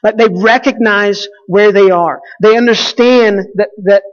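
A man's voice: high-pitched, a little slow, big-room sound, dull audio. A man preaching a sermon, telling a personal story in a conversational way and asking the audience questions.

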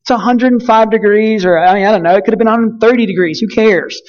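High-voiced West Texas preacher, lo-fi. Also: male voice, quick pace, darkish tone. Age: young adult. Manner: folksy storytelling with frequent fillers and restarts. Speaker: pastor. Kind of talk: sermon.

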